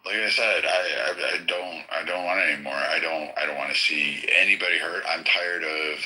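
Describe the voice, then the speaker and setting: A man's voice: extremely low pitch, brisk, pushed and bright, poor audio. A man in a casual online voice chat, ranting bluntly with heavy profanity and frequent stammered restarts. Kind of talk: heated casual rant.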